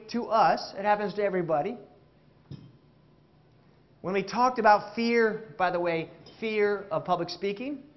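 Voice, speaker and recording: A man giving an interactive motivational keynote on stage, animated and jokey, asking the audience questions. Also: high-pitched, lo-fi sound. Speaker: keynote speaker. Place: stage before a live audience.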